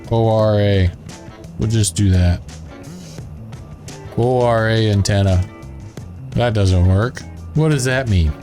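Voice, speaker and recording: A man's voice: on the low side, takes it slowly, pauses often, dark tone, soft background music. A man with a Southern drawl chatting casually as he plays and narrates a building game, thinking aloud as he works. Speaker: gaming channel host.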